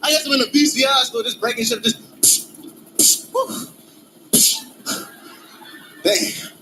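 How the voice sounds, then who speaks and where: A man performing a stand-up comedy routine in role-play, with animated, profane storytelling and frequent laughter. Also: very high voice, slow, faint music behind, poor audio.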